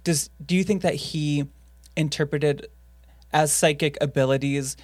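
Woman host, very low voice, dry close mic, probing questions. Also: fairly even intonation, a little slow, a little mellow, no echo. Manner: asks long probing questions. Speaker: podcast host. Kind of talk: casual interview.

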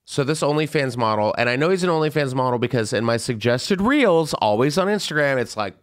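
A young man is telling a gossipy story on a podcast, and his pitch swings all over. His voice is smooth and clear. He breaks into high, squealing voices whenever he quotes someone. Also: lively intonation, fairly quick. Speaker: podcast host. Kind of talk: casual storytelling chat.

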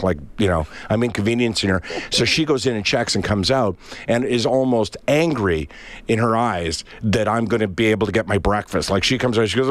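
Lowish-voiced man telling a story. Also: a little fast, no room sound. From Canada. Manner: animated anecdote with acted-out voices. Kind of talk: casual chat, storytelling.

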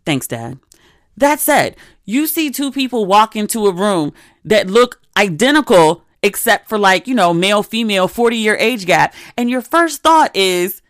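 A young adult woman hosting a podcast, telling stories in casual, animated chat with frequent asides. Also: on the high side, normal speed, no room sound, studio quality. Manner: animated, conversational storytelling with asides. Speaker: podcast host.

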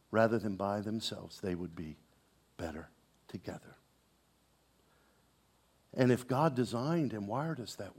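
Male pastor, mid-pitched voice, dynamic sermon delivery that moves between booming proclamation and quiet intensity. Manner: dynamic preaching, shifting from loud proclamation to hushed intensity; repeats words, conversational asides.

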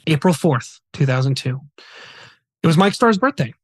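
A man's voice: fairly high pitch, expressive, moderate pace, no room sound. A man hosting a podcast, retelling a true story in a casual, earnest, conversational way. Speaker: podcast host.

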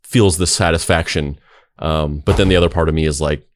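A man's voice: a bass voice, fairly even intonation, brisk, dry recording, clean studio sound. A man hosting a podcast in casual chat, rambling, with many restarts and "like"s as he thinks aloud. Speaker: podcast host.

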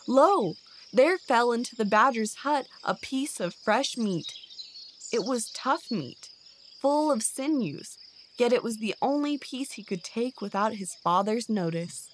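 Slow, measured woman storyteller. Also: on the high side, slight background noise. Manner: measured, expressive narration. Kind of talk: storybook reading aloud.

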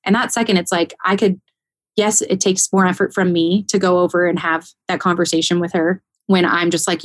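A woman in casual podcast conversation, telling a story in an animated way and laughing often. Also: on the low side, brisk, dry recording. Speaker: caregiver.

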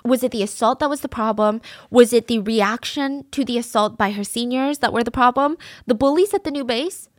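A woman's voice: a little high, fairly quick, few pauses, dry recording, studio quality. Earnest woman telling a true crime story. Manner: earnest, emotionally moved, conversational.

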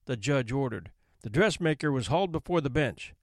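A man narrating a classic folk tale in an expressive, theatrical reading style. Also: mid-range voice, normal speed, no room sound. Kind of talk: storybook narration.

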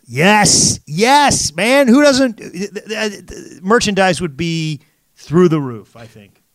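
Teasing, high-voiced podcast co-host. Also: male voice, expressive, takes it slowly, dry recording. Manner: dry, teasing, grades jokes. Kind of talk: casual chat.

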